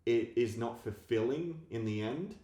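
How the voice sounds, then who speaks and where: A man co-hosting a podcast who gives measured, dry opinions on films in casual talk. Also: mid-range voice, lively intonation, warm tone. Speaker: podcast co-host. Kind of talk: casual film discussion. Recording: roomy echo.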